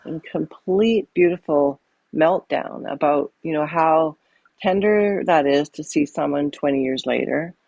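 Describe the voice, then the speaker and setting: A woman's voice: low voice, dry recording, poor audio. A middle-aged woman, a yoga teacher and guest telling her story in a rambling, casual way with many restarts.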